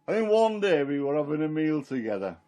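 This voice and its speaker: A man's voice: fairly high pitch, big pitch swings, fairly quick, mellow. Peter the fisherman, plain-spoken and chatty , played by a man, first-person monologue. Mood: fond. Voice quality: homely dialect storytelling, plain and chatty. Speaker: Christian storyteller in character.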